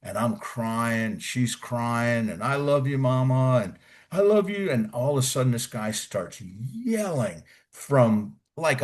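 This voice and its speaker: With big swings in pitch and a slow, medium-pitched delivery, a middle-aged American former Army Ranger shares basic training anecdotes. As an interview guest he's colorful and profane, acting out quotes in a casual way.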